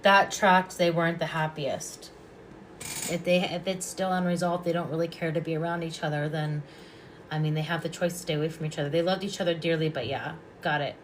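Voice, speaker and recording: A woman giving intuitive readings on a live stream. She talks calmly and softly and often repeats her phrases. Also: low voice, fairly quick, a little hiss or hum. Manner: calm, soft-spoken, repeats phrases. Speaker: psychic reader and past life regressionist.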